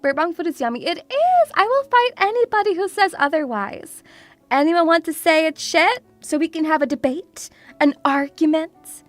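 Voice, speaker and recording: A high-pitched woman streamer from Russia chats casually in a playful, teasing voice, calling her viewers sweetie. The sound is dry and close, with soft music in the background. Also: animated, normal speed, dry recording. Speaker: VTuber streamer. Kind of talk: casual chat.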